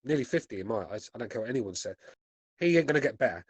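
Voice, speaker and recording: Animated and quick, this man's medium-pitched voice has a breathy edge and no room sound. He's a British podcast host in his forties, swearing and speaking bluntly as he works through the chat comments.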